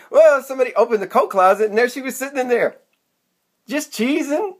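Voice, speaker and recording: A man's voice: extremely high pitch, lively intonation, a little fast. A man in his sixties telling a rambling comic monologue to camera, chatty and self-mocking, drifting off into side stories. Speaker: comedic vlogger.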